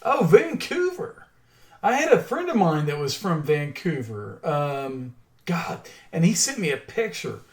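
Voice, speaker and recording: A man's voice: a little high, big pitch swings, measured pace. A middle-aged man with a Southern Oklahoma accent, chatting casually with his live-stream viewers, laid-back with many ums. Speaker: crypto stream host.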